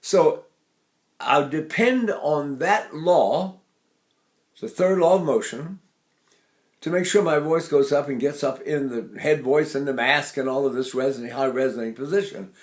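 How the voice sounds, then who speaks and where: Older male voice teacher, slightly high speaking voice, explains and demonstrates vowels. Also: normal speed. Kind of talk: vocal technique lesson with sung demonstrations.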